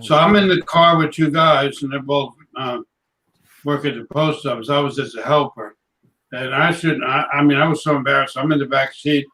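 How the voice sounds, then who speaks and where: A man telling a chatty, animated anecdote in casual conversation. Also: medium pitch, normal speed, rough recording. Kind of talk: casual storytelling.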